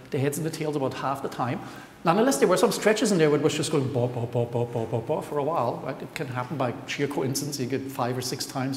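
Guy presenting in a big lecture hall, chatty, laughs a lot, echoey and a bit noisy. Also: a little high. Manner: chatty, laughs easily, counts aloud. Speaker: scientist presenter. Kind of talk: live talk to an audience. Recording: echoey hall with faint noise.

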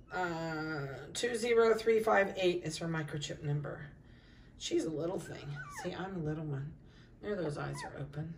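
A middle-aged woman dog breeder in a casual puppy update, cooing softly to the litter and giving brisk practical notes to buyers. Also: lowish voice, distant mic, slight background noise. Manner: coos softly to puppies, then gives brisk practical notices to buyers.

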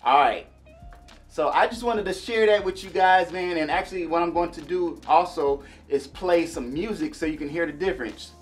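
A man casually demonstrating and reviewing a small audio mixer for his viewers, chatty and relaxed. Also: on the high side, moderate pace, soft background music. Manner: laid-back, chatty, addresses viewers as y'all and man. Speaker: gear reviewer. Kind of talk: casual product demo vlog.

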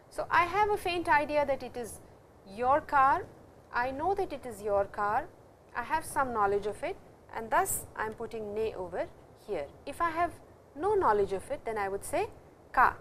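Lively high-voiced woman teacher. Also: moderate pace, slight background noise. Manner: patient, explanatory, repeats key words. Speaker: Japanese language teacher. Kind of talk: recorded classroom lecture.

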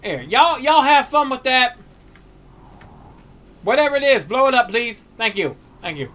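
A woman streaming a horror game, chatting casually with friends, loud and swearing. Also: high voice, sing-song. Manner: loud, swearing, quick to shout. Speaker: livestreamer playing a game.

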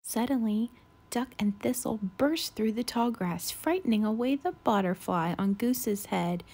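A woman narrating a children's picture book aloud in a gentle manner. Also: on the high side, expressive, unhurried, vocal fry. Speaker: storyteller.

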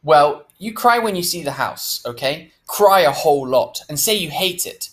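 A man's voice: a little high, animated, moderate pace, a bit bright. A man reading a sulky, sarcastic preteen girl. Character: grumpy girl about to start seventh grade.

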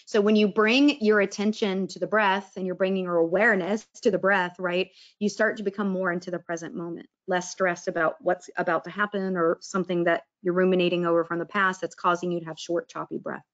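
A woman's voice: fairly low pitch, flat delivery, fairly quick, few pauses, muffled recording. A woman giving a casual presentation on mindfulness and breath work, chatty and acting out quoted inner voices. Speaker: wellness presenter.

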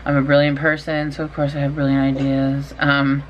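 In her bedroom at home, a young writing vlogger from California chats to camera in a rambling, self-deprecating way. Her voice is extremely low and monotone at normal speed, and the audio sounds dull with slight hiss or hum.

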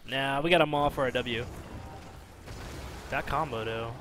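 A man gives unhurried, self-mocking commentary over a video game, chatty and shifting from excited outbursts to low mutters, with long pauses between. Slight background noise is present.

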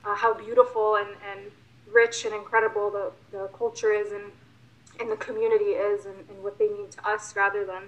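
A woman's voice: medium pitch, little pitch movement, fairly quick, rough recording. A woman school board member gives unscripted remarks at a public meeting, hesitant, with many fillers and restarts.

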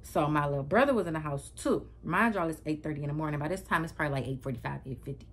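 A woman's voice: low-pitched, rapid-fire. A woman vlogger telling a dramatic story to her viewers in slangy, casual speech. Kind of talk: storytime vlog.

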